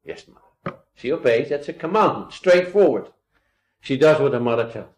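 A man preaches an expository Bible sermon, reading old-style scripture aloud and building to emphatic rises with earnest rhetorical questions on key points. His medium-pitched, darkish voice has lively intonation and moves a little fast.

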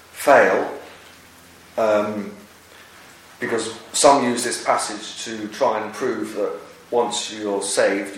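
Man, low voice, very slow, earnest Bible study talk, measured pauses, distant mic in a very echoey room. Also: slight background noise.

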